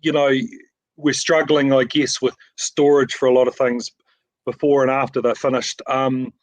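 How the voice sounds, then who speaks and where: A man's voice: mid-range voice, flat delivery, normal speed, dry recording, poor audio. Modest New Zealand man on a video call. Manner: modest, rambling, many fillers and restarts. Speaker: framing shop owner. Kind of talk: casual interview.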